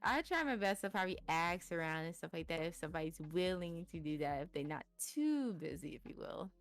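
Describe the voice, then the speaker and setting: A woman's voice: on the low side, very animated, brisk. A woman guest in a casual chat, rambling with lots of fillers and frequent laughs, on a streaming mic at home. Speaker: interview guest, VTuber.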